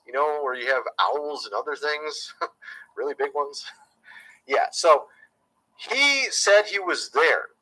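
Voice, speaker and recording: A man's voice: a little high, sharp tone, poor audio. A man talking casually to his viewers as a YouTube commentator, chatty and conspiratorial, often calling them "folks".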